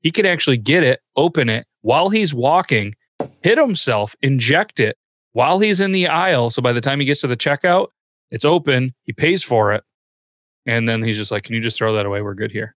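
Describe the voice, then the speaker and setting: A man's voice: medium pitch, lively intonation, brisk, fairly bright tone, no echo. Laid-back man, dry close mic. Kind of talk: casual crude chat.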